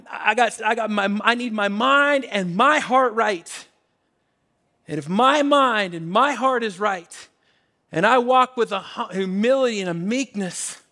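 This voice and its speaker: High-voiced animated male pastor preaching. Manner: animated preaching with emphatic repetitions, slowing to a hush on key phrases. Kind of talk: sermon. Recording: church service.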